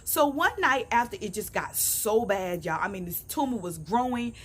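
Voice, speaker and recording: A woman's voice: medium pitch, animated, moderate pace, slightly rough. A middle-aged woman sharing a personal faith testimony on a phone camera outdoors, earnest and conversational, often calling her viewers "y'all". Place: outdoors on a sunny morning.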